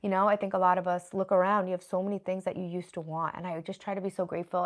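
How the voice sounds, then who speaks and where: A woman's voice: fairly low pitch, level tone, rapid-fire, few pauses. A woman in her thirties streaming live from her home office, chatting casually and earnestly with viewers and thanking them by name. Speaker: live streamer reading chat. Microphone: computer at her desk.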